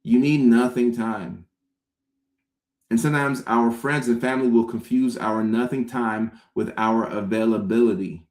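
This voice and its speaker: A man delivers a comedic talk-show monologue at an average pitch. He bounces between his own voice and lively put-on impressions of other people. The room around him gives a clear echo. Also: measured pace. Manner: animated, acts out friends' voices with big pitch jumps. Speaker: host. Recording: roomy echo.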